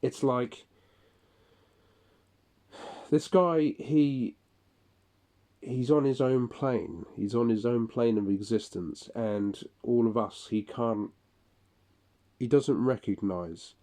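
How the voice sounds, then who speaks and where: A man's voice: mid-range voice, slow pace, long pauses, warm tone. A man speaking a casual monologue for his audio log, rambling, profane and weary.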